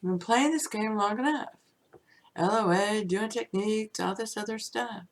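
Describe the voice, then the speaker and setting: A woman giving an unscripted spiritual teaching, musing and drifting into soft whispers and chuckles. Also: mid-range voice, moderate pace.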